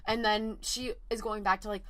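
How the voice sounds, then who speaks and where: A woman's voice: mid-range voice, level tone, normal speed, fairly bright tone. A woman co-hosting a podcast in casual chat, frank and wry, with blunt remarks and easy laughter. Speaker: podcast co-host. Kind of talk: casual chat recapping a reality show.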